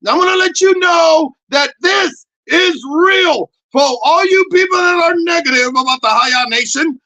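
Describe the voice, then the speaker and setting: A man voicing a brash, foul-mouthed male puppet who yells crude motivational rants. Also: extremely high pitch, voice pushed up, full character voice, poor audio. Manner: yelling, crude, hyped-up motivational rant.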